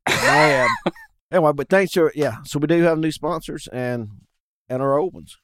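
A man's voice: fairly high pitch, moderate pace, a bit bright, no room sound. A man co-hosting a casual podcast, joking and laughing often as he chats. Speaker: podcast co-host. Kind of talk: casual chat.

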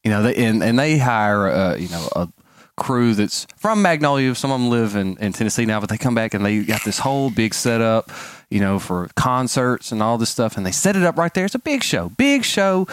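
A man's voice: mid-range voice, sing-song, moderate pace, smooth, dry recording. A man with a drawl tells a family story in casual chat. His voice swings widely and he laughs often. The sound is dry and close. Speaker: father telling a story. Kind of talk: casual anecdote.

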